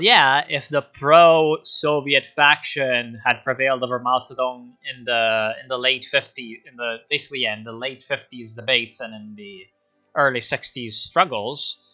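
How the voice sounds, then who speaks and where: Brief: a swearing, rambling male streamer with a very bright voice, recorded on dull lo-fi stream audio. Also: medium pitch. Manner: rambling, profane, animated. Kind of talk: casual livestream history commentary.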